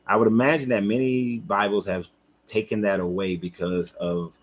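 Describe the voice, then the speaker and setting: Husky low-voiced man streaming live. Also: steady tone, moderate pace. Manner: loose, rambling and conversational, greets viewers by name. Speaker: spiritual coach and host. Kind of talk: live-streamed Bible commentary.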